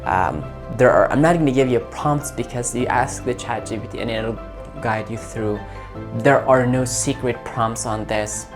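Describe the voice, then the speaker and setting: A man hosting a tech video, talking informally and eagerly, often halting and repeating words as he chats with an AI assistant and his viewers. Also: medium pitch, over music. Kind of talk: casual talk to an AI voice assistant and to viewers.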